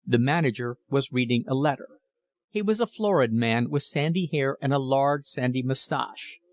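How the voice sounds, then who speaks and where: A man narrating an audiobook of a classic novel in a measured, even reading. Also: medium pitch. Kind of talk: scripted narration.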